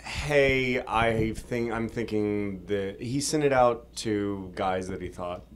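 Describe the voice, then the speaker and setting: Excitable man with a lowish voice. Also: slow pace, a little hiss or hum. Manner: excitable, laughs often, acts out quotes. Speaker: voice actor guest. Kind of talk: casual interview chat. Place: convention room.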